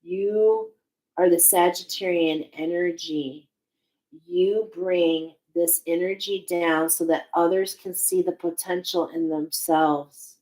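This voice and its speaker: A woman with a lowish voice does a spiritual oracle card reading. She speaks very slowly, searching for words and restarting often, with an emotional, wondering tone. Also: fairly even intonation, warm tone, poor audio.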